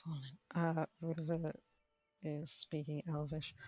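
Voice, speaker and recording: A woman's voice: sits low, level tone, measured pace, a little mellow, husky, no room sound. A woman playing her character in a casual tabletop game, chatty and friendly. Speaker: player. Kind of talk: casual tabletop role-play. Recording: dull lo-fi mic.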